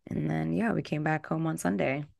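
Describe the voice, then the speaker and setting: Low-voiced woman telling a lively story. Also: moderate pace, gravelly, dry recording. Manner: animated, acts out quotes in the story. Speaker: podcast co-host. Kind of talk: casual chat, storytelling.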